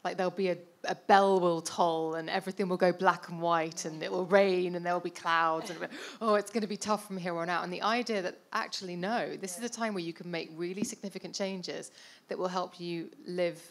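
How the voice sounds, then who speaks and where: A woman moderating a panel discussion, talking with enthusiasm and lively storytelling. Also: lowish voice, moderate pace, hardly any pauses.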